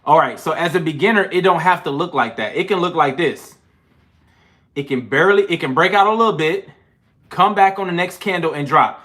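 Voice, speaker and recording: Young man, out of breath, slangy, forceful bright tone, fairly high voice. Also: fairly quick. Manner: loose, slangy and animated, counting push-ups between chart talk. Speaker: trading channel host. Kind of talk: casual trading livestream.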